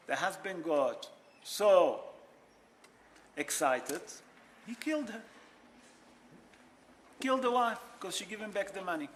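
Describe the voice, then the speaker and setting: A man teaching an informal class as a rabbi, telling a story in an animated way. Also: high-pitched, unhurried, pauses often, slight background noise. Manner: animated, mixes Hebrew and Yiddish terms, non-native grammar.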